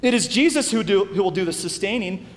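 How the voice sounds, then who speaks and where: A man teaching the Bible, reading verses aloud dramatically and dropping to quiet asides. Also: sits high, expressive, brisk. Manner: reads scripture aloud dramatically, acting out the speakers. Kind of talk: Bible study presentation. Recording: long reverb, faint background hum.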